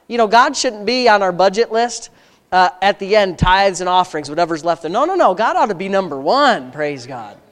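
A preacher delivering a sermon in a folksy, conversational way, asking repeated rhetorical questions and swinging from quiet asides to loud, emphatic peaks. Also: medium pitch, animated, brisk.

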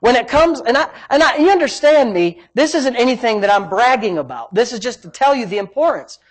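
A man's voice: very high-pitched, lively intonation, a little fast. A male pastor preaching a sermon in an emphatic, repetitive way, often breaking in with praise. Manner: emphatic, repetitive, frequent "praise God" interjections.

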